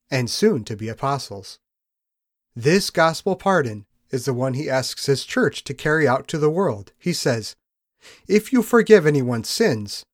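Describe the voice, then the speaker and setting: Lively, expressive male preacher. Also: on the high side, no room sound, clean studio sound. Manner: reads scripture slowly, then preaches with rising emphasis. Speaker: pastor. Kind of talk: sermon.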